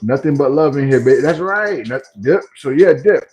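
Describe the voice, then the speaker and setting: A man's voice: a little high, moderate pace, soft background music, rough recording. A man hosting a casual livestream, bantering with viewers in a playful, teasing way. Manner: playful trash talk, animated. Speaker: livestream host. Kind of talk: casual live chat with viewers.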